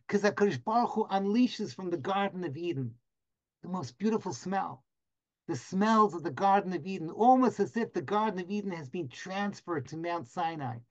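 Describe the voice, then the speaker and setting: Male teacher, animated storyteller, dull lo-fi video-call sound. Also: high-pitched. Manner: vivid, dramatic storytelling with sudden loud bursts. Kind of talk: storytelling lesson to a class.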